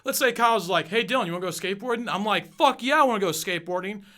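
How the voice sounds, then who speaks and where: Young dude podcast host going off, swearing nonstop, bright edgy voice. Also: male voice, sits high, expressive, very fast. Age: 20s. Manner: blunt, heated, swears constantly. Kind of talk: profane ranting podcast monologue.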